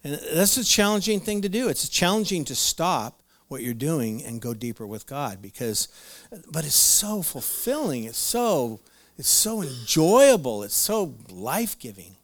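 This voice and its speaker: A man's voice: fairly high pitch, big pitch swings, measured pace, dry recording. Casual preaching man, dry close sound. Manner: conversational, retells Bible stories with playful asides and laughs. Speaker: pastor. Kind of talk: sermon.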